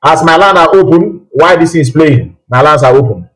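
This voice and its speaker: A man's voice: fairly high pitch, lively intonation, normal speed, fairly bright tone, low-quality recording. Emphatic man hosting live. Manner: emphatic, repetitive, full of rhetorical questions. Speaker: host of a live call-in broadcast. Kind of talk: political call-in talk.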